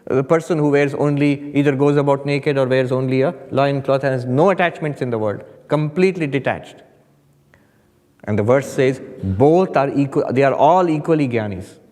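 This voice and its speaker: A man, a monk, gives a spiritual talk at a meditation retreat, teaching through humorous stories and lifting his voice for emphasis. His pitch sits in a middle range. The talk rings in a hall with a long reverb. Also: moderate pace. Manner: animated storytelling with humor, rising emphasis. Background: audience laughter.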